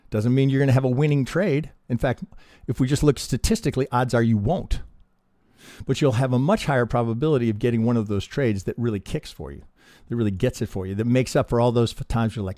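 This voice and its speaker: A man teaching trading on a live stream, reviewing charts in an animated, profane way and asking "right?" again and again. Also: medium pitch, quick pace, no room sound, clean studio sound. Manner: profane, emphatic, acts out trader reactions, keeps asking "right?".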